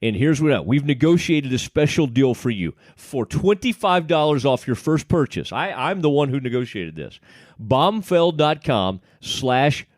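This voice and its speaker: Here the same kind of co-host, a middle-aged East Texan man, sounds medium-pitched with lively intonation and an unhurried pace. The studio-quality audio has no echo as he jokes enthusiastically through sports podcast banter and a host-read ad.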